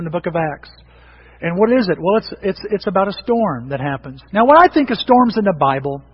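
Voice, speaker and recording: A male pastor preaching a sermon in an animated, conversational way, often restarting his sentences. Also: high voice, husky, big-room sound, lo-fi sound.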